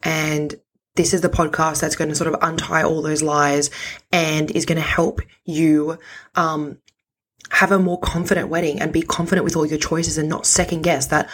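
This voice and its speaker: A woman, hosting a podcast and telling a story in a chatty, expressive, slangy way. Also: sits low, normal speed, husky. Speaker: podcast host. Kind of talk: casual storytelling monologue.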